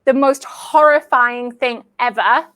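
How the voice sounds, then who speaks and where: British woman, high voice, chatty, casual conversation, lots of "like". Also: slow pace, a bit bright, smooth. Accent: British English. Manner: chatty, fills talk with "like". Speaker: English teacher and host. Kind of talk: casual chat.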